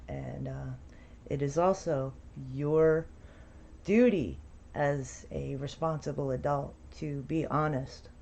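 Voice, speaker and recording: A woman's voice: deep voice, gravelly, darkish tone. A woman giving blunt, sarcastic reaction commentary on a streamer's video, swearing freely. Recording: dull lo-fi recording.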